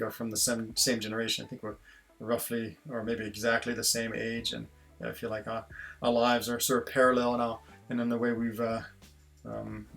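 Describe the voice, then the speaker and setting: Gravelly man musing casually. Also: medium pitch, fairly bright tone. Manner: rambling, musing, chuckles often. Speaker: streamer host. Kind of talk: casual live-stream chat reading comments. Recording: faint guitar music behind.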